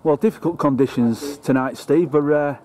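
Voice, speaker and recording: A man's voice: fairly high pitch, normal speed, a little mellow, a little hiss or hum. A man interviewing a football manager outdoors after a match, in an easygoing way with leading questions. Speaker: club TV interviewer.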